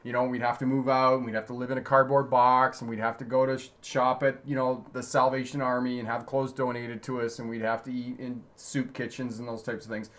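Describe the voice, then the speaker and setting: A man's voice: mid-range voice, level tone, a little fast, hardly any pauses, fairly bright tone. A middle-aged man hosting a driving-lesson live stream, chatty and laughing often as he reads chat questions and repeats key points.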